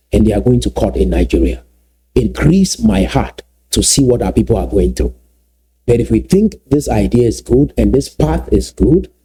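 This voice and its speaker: Male commentator, husky and mellow-toned, emphatic, repeats points slowly. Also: medium pitch. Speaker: political commentator. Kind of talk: solo video commentary.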